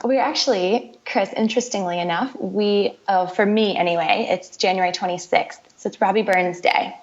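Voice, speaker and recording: A woman guest talks in a relaxed, explanatory way, often repeating words as she goes. Her voice sits at an ordinary middle pitch. The recording sounds muffled and lo-fi. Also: moderate pace. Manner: explanatory, chatty, frequent repeats. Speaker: podcast guest. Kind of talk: casual interview chat. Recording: dull lo-fi sound.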